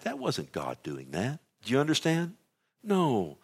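A man preaching a sermon, reading scripture aloud and explaining it in a conversational way, moving between loud urgent pleading and low hushed passages. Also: very animated, normal speed, husky. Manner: reads scripture aloud and then paraphrases it.

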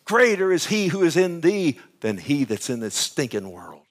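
A man preaching a sermon with fervor, dropping to hushed whispers at times and rising again. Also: fairly high pitch, big pitch swings, normal speed. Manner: fervent, swings from loud to hushed whispers.

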